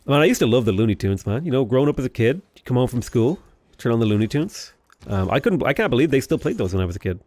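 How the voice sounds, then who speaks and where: A man's voice: medium pitch, sing-song, quick pace, darkish tone, dry recording. A young man chatting casually while playing a strategy game, rambling into jokey asides. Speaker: gaming YouTuber. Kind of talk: casual gameplay commentary.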